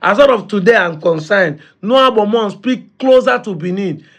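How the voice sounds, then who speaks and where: A man's voice: high-pitched, expressive, normal speed, creaky. A Nigerian man with a Nigerian accent giving mocking reaction commentary, often laughing between points and mixing in Pidgin and Igbo.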